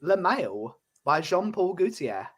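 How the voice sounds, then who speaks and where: A man's voice: sits high, very animated, slow pace, husky. A man co-hosting a casual fan chat, swearing freely and mocking others. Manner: crude, mocking, puts on silly voices.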